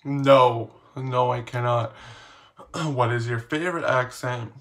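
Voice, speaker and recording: A man's voice: medium pitch, steady tone, slow pace, fairly bright tone. A man casually reading questions aloud and answering them in a playful, slangy, self-mocking vlog. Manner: reads each question aloud, then answers. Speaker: vlogger.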